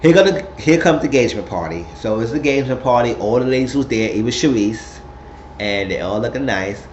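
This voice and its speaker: A man's voice: lively intonation, brisk, a little mellow. A man recapping a reality show episode in casual, gossipy storytelling. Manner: chatty storytelling, puts on high voices quoting people. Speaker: recap vlogger. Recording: roomy, dull lo-fi sound with faint hiss.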